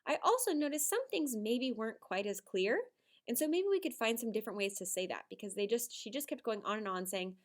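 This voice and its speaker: Animated woman teaching young children. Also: fairly high pitch, brisk. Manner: animated, sing-song teacher voice, dramatic emphasis. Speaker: first grade teacher. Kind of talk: video writing lesson for young children.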